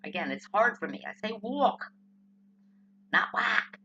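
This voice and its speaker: A woman's voice: fairly low pitch, expressive, fast, sharp tone, dull audio. A woman with a New Jersey accent delivering a blunt, profane comic rant as a political commentator. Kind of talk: ranting comic monologue.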